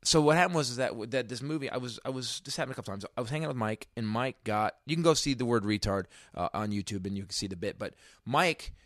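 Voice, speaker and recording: A man's voice: mid-range voice, quick pace, few pauses, fairly bright tone, dry recording, clean studio sound. A middle-aged man, a guest comedian, telling a story on a podcast in a rambling way, full of restarts. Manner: rambling, self-interrupting, many restarts. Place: podcast studio.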